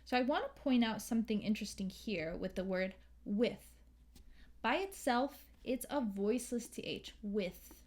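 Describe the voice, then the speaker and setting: An American woman teaching English pronunciation, slowly and carefully modeling sounds and words. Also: on the high side, expressive, a little mellow. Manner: slow, careful, models sounds and sings lines. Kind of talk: pronunciation lesson with sung examples.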